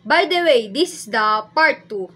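A woman teaching a language lesson, explaining phrases slowly and patiently and repeating each one. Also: fairly high pitch, lively intonation, a bit bright, husky, low-quality recording.

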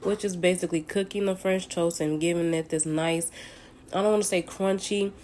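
Low-voiced Southern woman chatting while cooking. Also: fairly even intonation, normal speed, darkish tone. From Southern United States. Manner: folksy and chatty, calls viewers honey and baby. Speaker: home cook. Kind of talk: casual cooking tutorial chat. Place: home kitchen at the stove.

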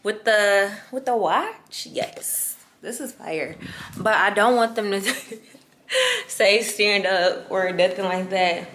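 A woman's voice: medium pitch, big pitch swings, slow pace, fairly bright tone, a little hiss or hum. A woman in her twenties vlogging casually to camera, chatty and slangy, talking straight to her viewers. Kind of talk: casual vlog chat to camera.

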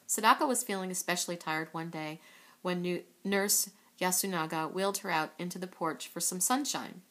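A woman reading a children's book aloud in a steady voice, now and then correcting a slip. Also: on the low side, moderate pace. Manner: steady, with occasional slips and self-corrections. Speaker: reader.

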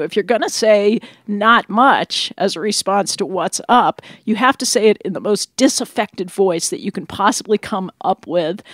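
A woman's voice: medium pitch, no room sound. Woman radio cohost, joking around and teasing, dry close studio sound. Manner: teasing, playful banter. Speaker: radio co-host. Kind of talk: casual chat. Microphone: studio headphones and mic.

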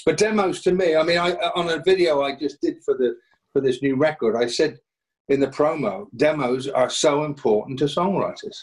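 A man who is a songwriter, guest on a podcast panel, telling stories in an animated, lively way. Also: on the high side, moderate pace, rough recording.

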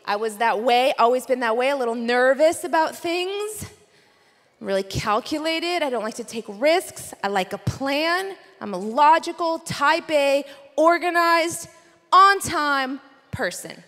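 A woman's voice: sits high, lively intonation, unhurried, fairly bright tone. A young woman preaching at a conference, telling a personal story in a playful, chatty way with asides to the crowd. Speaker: conference speaker. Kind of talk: sermon. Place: large conference hall. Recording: reverberant conference hall.

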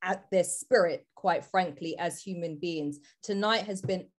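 A woman's voice: fairly low pitch, unhurried. Earnest woman giving heartfelt thanks. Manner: earnest, articulate praise. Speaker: guest panelist. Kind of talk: heartfelt live discussion.

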